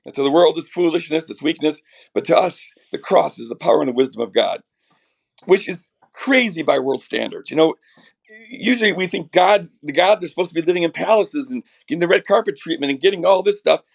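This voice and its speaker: A middle-aged man with a raspy voice from a chest cold, earnestly explaining theology as a podcast guest, restarting his sentences often. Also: a little high, lively intonation, fairly quick. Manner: earnest, builds ideas with many restarts.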